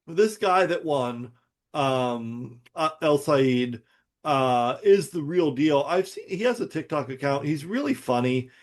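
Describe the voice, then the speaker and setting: A man's voice: a little high, lively intonation, takes it slowly. Male podcast co-host, agreeable, easygoing, casual conversational delivery. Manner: agreeable, with frequent short backchannels. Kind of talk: casual political chat.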